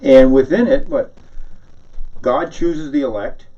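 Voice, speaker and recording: A man's voice: mid-range voice, takes it slowly, warm tone. A man from New York City doing a sarcastic, needling one-sided mock phone call, rambling with many restarts. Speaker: satirical monologuist. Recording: dull, distant lo-fi recording.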